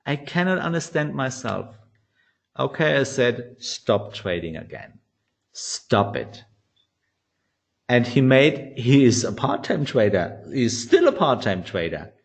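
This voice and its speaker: A trading educator tells a blunt, animated story in English during a lecture, swearing and acting out quotes from others in shifting voices. His mid-range voice is slow and creaky.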